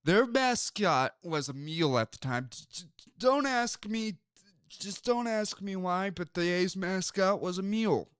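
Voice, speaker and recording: A man's voice: sits high, lively intonation, unhurried, a bit bright, clear, resonant tone, dry recording, studio quality. A man hosting a sports talk show, telling stories in a rambling way with many fillers. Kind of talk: casual sports talk monologue.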